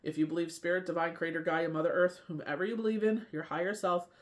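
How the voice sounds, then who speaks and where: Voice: mid-range voice, steady tone, fast talker. A tarot reader and medium in a casual spiritual talk, rambling and often asking "you know what I mean".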